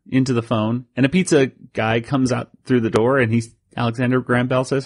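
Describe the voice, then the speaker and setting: A man co-hosting a podcast in an easygoing, rambling way. His voice sits at a middling pitch. He keeps breaking into higher, sillier voices when he quotes lines. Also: steady tone, moderate pace, dry recording. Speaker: podcast co-host. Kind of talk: casual chat, recapping a comic.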